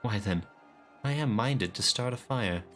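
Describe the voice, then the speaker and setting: A man voicing an earnest young male scholar who speaks in formal, measured phrases. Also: on the low side, lively intonation, over music.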